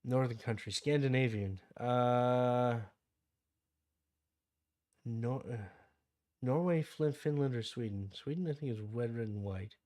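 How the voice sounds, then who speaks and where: A man's voice: medium pitch, a little slow, pauses often, a little mellow. A young adult man with a Canadian accent hosting a casual game livestream, rambling into side stories and answering chat. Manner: rambling, digresses into anecdotes, reads chat aloud. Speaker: livestream host.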